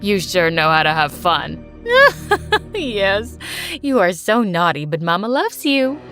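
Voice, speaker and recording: A woman voicing an indulgent, doting mother who talks in a slow singsong way. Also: on the low side, lively intonation, a bit bright, soft background music, voice pushed down.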